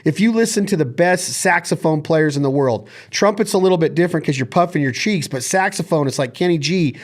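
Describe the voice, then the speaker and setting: A man's voice: a little high, a little fast. A man hosting a podcast, talking through duck calling technique in long, detailed lists. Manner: energetic, detailed, lists body parts and steps. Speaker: podcast host. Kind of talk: casual instructional chat.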